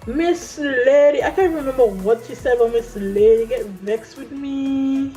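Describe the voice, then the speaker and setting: A woman tells a personal story in a relaxed vlog style, speaking her own quoted lines with lively flair. Her voice sits a little high yet sounds mellow and warm. Soft music plays faintly underneath. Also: unhurried, rough recording. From Caribbean island. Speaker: vlogger. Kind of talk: casual storytime monologue.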